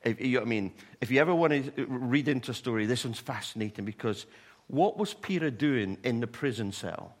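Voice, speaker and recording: Husky man preaching with lively storytelling. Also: mid-range voice, brisk. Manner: animated, humorous asides to the congregation. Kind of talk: sermon storytelling.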